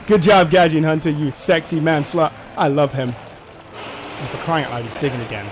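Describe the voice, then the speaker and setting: A man commentating his own gameplay, excitable and quick to shout and laugh at the game. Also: fairly high pitch, slight background noise. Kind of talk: let's play commentary.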